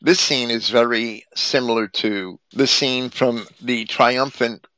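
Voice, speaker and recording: A man delivers a scripted Bible commentary, reading at a steady, explanatory pace. His voice is bright and forceful, and it sits close and dry with no room sound around it. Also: mid-range voice, slow, clean tone, dry recording.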